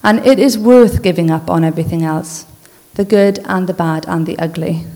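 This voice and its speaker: A woman giving an informal church talk, speaking earnestly in a conversational way and then reading a list slowly and deliberately. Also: lowish voice, dark tone. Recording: long hall reverb.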